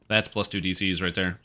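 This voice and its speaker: Bright-voiced male game streamer. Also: low-pitched. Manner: chatty, rambling with many fillers. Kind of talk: casual gaming commentary.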